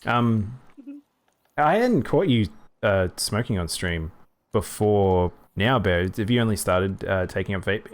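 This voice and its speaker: A man's voice: lowish voice, animated, a little slow. A man streaming a game, chatting casually and rambling with lots of fillers while he plays. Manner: rambling, filler-heavy, thinks aloud while playing. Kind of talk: casual gameplay chat.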